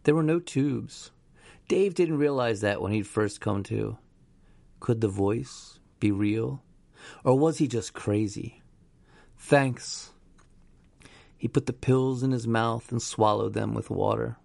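A man narrating a story in a slow, even storytelling manner. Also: mid-range voice, gravelly, dry recording. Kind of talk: audiobook narration.

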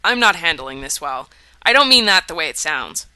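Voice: medium pitch, sing-song, normal speed, bright, forceful tone, clean tone, dry recording. An audiobook reader voicing an earnest, cryptic teenage schoolboy who halts and then insists. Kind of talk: audiobook character voice.

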